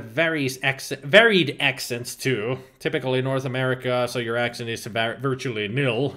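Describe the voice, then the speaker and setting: A man's voice: medium pitch, sharp tone. A man from Finland, hosting a livestream and chatting casually as he reads the live chat, laughing often and restarting words. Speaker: livestream host.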